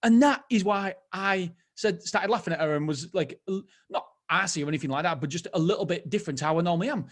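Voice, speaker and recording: Podcast host, man, conversational and rambling, voice sits a little high. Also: fast. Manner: chatty, rambling, self-interrupting storyteller. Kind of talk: motivational solo podcast talk.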